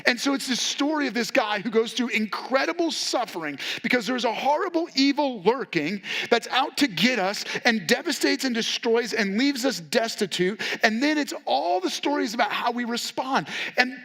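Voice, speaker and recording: In church, a male pastor with a notably high-pitched voice preaches in a casual, candid, conversational style. He steps into quoted lines as he goes, staying relaxed and direct with his listeners.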